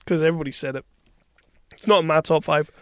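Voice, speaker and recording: A man trades film banter on a podcast, laughing often and swearing freely as he acts out favourite quotes. His voice sits a little high, and the sound is close and dry. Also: quick pace, a bit bright, no room sound. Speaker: podcast co-host. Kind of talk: casual banter.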